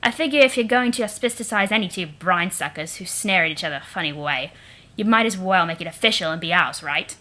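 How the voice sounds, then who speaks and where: A woman's voice: lowish voice, expressive, fairly quick, sharp tone. A woman doing a brash young male troll with a mangled British accent. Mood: sneering. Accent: mangled British, vaguely Liverpool or Cockney. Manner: swaggering, sneering, heavy swearing. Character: arrogant young male troll prince, brash and foul-mouthed.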